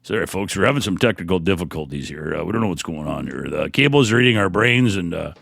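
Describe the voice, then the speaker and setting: A man's voice: sits low, animated, quick pace, gravelly, fairly bright tone. A Canadian man co-hosting a live podcast stream, rambling and joking with many fillers. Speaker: podcast co-host.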